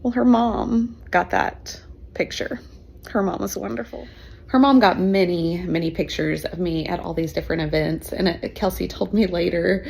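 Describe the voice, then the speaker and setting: A woman's voice: fairly low pitch, gravelly, darkish tone, breathy edge. A woman in her fifties, a teacher, telling her own adoption story in an emotional, chatty way with fillers and laughs. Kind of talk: personal storytelling.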